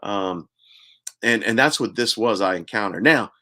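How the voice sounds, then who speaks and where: A man's voice: lowish voice, measured pace, bright, forceful tone. An older man hosting a podcast, telling a long, chatty personal story and laughing at his own tales. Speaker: podcast host.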